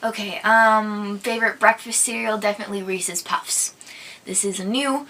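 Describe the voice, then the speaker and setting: Bright-voiced young woman vlogger. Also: medium pitch, fairly even intonation, moderate pace. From Minnesota. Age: young adult. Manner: chatty, giggly, hesitant with many ums. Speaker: vlog host. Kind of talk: casual chat.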